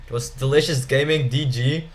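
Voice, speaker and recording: A man's voice: medium pitch, fairly even intonation, moderate pace. A young man co-commentating a strategy game with the hiccups, asking playful teasing questions. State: has the hiccups. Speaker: gameplay co-commentator. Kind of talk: casual joking game commentary.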